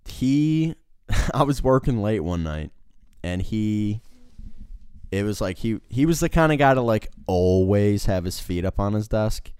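A man's voice: lowish voice, expressive, takes it slowly, pauses often, darkish tone, smooth, dry recording, clean studio sound. A young man casually telling a work story, rambling with lots of fillers and frequent laughs.

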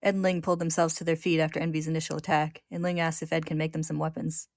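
A woman hosting, narrating a story recap in a steady, descriptive way. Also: deep voice, fast talker, no echo, studio quality.

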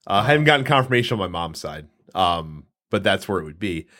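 Lively, chatty male podcast host. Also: low-pitched, quick pace. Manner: chatty, lots of fillers and restarts. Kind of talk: casual chat.

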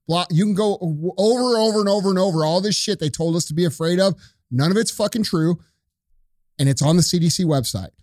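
A man's voice: sits high, quick pace, dry recording, studio quality. A man co-hosting a podcast, ranting with profanity in casual talk. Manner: profane, forceful, preachy. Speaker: podcast co-host.

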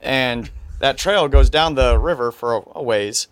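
A man's voice: medium pitch, measured pace, dry recording. A man telling a story in a casual podcast chat, setting out the details step by step.

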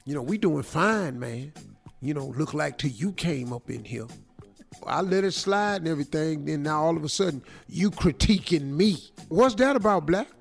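A man's voice: fairly high pitch, expressive, moderate pace, gravelly, faint music behind. A man doing a blunt, slangy 43-year-old manager. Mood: confronting. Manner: blunt, slangy, streetwise tough talk. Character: brash 43-year-old male manager confronting his older boss.

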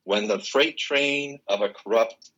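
An older man, a guest in an interview, telling a personal story in an animated way and acting out the exchanges he quotes. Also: mid-range voice, measured pace, low-quality recording.

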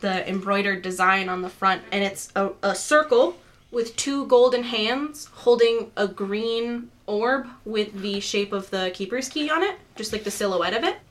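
A woman's voice: mid-range voice, a little slow, fairly bright tone. A woman narrating a tabletop game as game master, in casual narration full of fillers.

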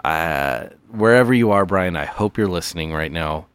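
Brief: male podcast host, deep voice, playful mock sincerity, dry studio sound. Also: animated, moderate pace, smooth, dry recording. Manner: mock-earnest, playful, stammering. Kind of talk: comedy podcast with call-ins.

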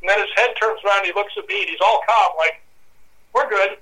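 A man's voice: high-pitched, racing, poor audio. A man telling a dramatic personal anecdote in an interview, acting out voices and growls as he goes. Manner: lively, acts out voices and dog growls. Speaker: guest storyteller.

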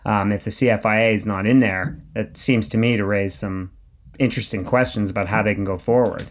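A man's voice: lowish voice, fairly even intonation, fairly quick. A man co-hosting a podcast in casual chat, joking and sarcastic, with lots of fillers and asides. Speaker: podcast co-host.

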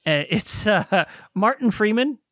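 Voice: mid-range voice, lively intonation, unhurried, a bit bright, no room sound. A podcast co-host chatting casually, giggling often and hesitating with fillers. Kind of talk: casual chat.

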